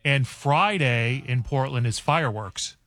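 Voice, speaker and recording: A man's voice: mid-range voice, unhurried, fairly bright tone, no room sound. A man co-hosting a sports radio show, reading promotions in a matter-of-fact way. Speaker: radio co-host. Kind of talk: reading promotions, casual banter.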